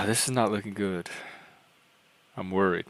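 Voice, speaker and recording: An American man hosting a casual live-stream chat on a video call, calmly reporting and chatting. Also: on the low side, slow, vocal fry. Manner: calm, plainly reports results.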